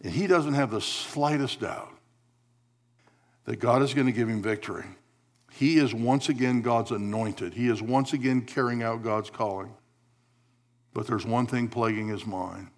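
A man's voice: mid-range voice, unhurried. Storytelling male preacher with wry humor. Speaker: pastor. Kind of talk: sermon.

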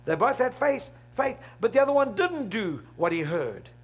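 A man's voice: very high voice, sing-song, normal speed, husky. A middle-aged man preaching a sermon, asking the congregation questions and laughing along with them. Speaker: pastor.

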